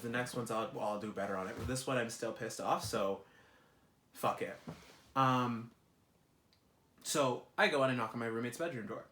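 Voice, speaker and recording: A young man, ranting in a vlog, animated and exasperated, swearing a lot. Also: mid-range voice. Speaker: vlogger. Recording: roomy echo.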